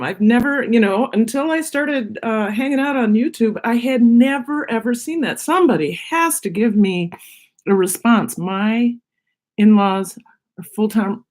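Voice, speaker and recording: A woman's voice: fairly high pitch, lively intonation, normal speed. A middle-aged woman chatting casually on her own live stream, rambling from one thought to the next while she eats. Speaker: vlogger on her own channel.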